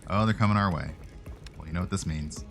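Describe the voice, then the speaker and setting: A man with a very deep voice gives casual commentary on a video game he is playing. He rambles, breaking off mid-thought and correcting himself. Faint game music plays under his talk. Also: fast, fairly bright tone. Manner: rambling, with frequent fillers and self-corrections. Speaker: streamer.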